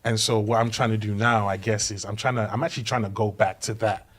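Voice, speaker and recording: British Nigerian comedian telling stories. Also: male voice, lowish voice, steady tone, quick pace. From Britain, Nigerian family. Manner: storytelling, acts out voices. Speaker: comedian guest. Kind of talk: casual podcast chat.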